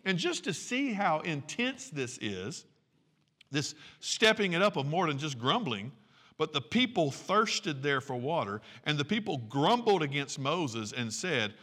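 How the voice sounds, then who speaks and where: A man's voice: a little high, very animated, unhurried, fairly bright tone. A man preaching a sermon as pastor, talking conversationally with asides to the congregation. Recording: reverberant hall.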